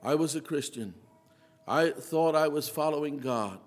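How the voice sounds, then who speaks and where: A high-voiced man delivers a sermon testimony with raw emotion. His delivery swings between hushed, low passages and urgent, pleading outcries. The sound rings with the long reverb of a large hall. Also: lively intonation, measured pace. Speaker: preacher giving testimony.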